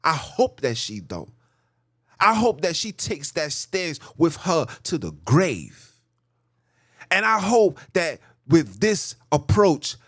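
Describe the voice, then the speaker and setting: Male vlog host, impassioned preachy commentary, highish animated voice, dry close sound. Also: dry recording. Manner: preachy, repetitive, rhetorical; mocking asides. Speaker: channel host.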